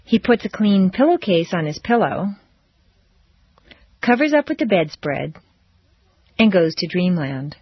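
A woman teaching English pronunciation, reading drill phrases slowly and deliberately with careful stress. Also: fairly low pitch, very animated, slightly rough, no echo, dull audio.

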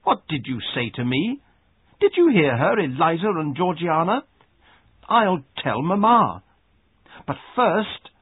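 A man voicing a stout, bullying fourteen-year-old boy in a read-aloud story, taunting and shouting. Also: mid-range voice, big pitch swings, unhurried, breathy edge. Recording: dry phone-like sound.

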